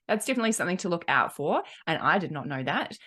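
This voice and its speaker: A New Zealand woman hosts a casual podcast chat, her low voice relaxed and conversational. She asks curious follow-up questions and laughs easily along the way. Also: fast. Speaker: podcast host.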